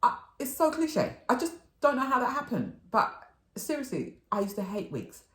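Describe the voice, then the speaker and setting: A middle-aged woman telling rambling, animated stories in a chatty haul video, swearing and laughing freely. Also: high-pitched, normal speed. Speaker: vlogger. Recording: roomy echo.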